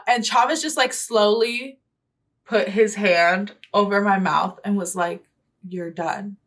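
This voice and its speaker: A woman's voice: mid-range voice, a bit bright. A woman hosting a reaction video, talking bluntly and rambling with plenty of swearing. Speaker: YouTube host. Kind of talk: casual reaction commentary.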